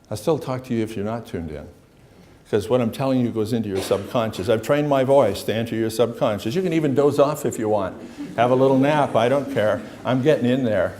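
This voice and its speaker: With a medium-pitched, slightly mellow voice and a little hiss or hum in the audio, a middle-aged psychologist gives a seminar lecture to a live room. He keeps it conversational and acts out the dialogue in small stories.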